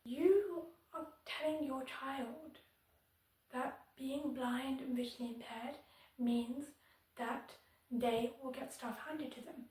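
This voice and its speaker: A woman speaks firmly and earnestly in a slightly high voice, addressing her viewers directly. The recording is very echoey, with her voice set back from the mic. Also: takes it slowly, a little mellow, far from the mic. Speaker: disability vlogger. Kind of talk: direct-to-camera advocacy commentary. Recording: very echoey room, voice somewhat off-mic.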